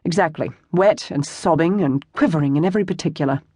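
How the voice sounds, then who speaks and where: An audiobook narrator voicing a bold young woman who plans a street scheme, speaking briskly and to the point. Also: medium pitch, a little mellow, dry recording, studio quality, close to an everyday voice.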